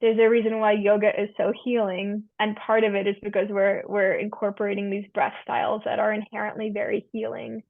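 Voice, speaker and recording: A woman's voice: mid-range voice, level tone, fairly quick, creaky, hardly any pauses, no echo. A woman counselor and yoga teacher explaining breathwork as an interview guest, earnest with easygoing slang. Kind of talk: casual interview talk. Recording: tinny phone-like line, dry.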